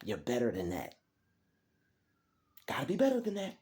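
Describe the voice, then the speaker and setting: A man's voice: mid-range voice, huge pitch swings, normal speed, a little mellow. A man giving a loose, repetitive motivational talk in casual streetwise slang, preaching encouragement to his viewers. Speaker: motivational vlogger.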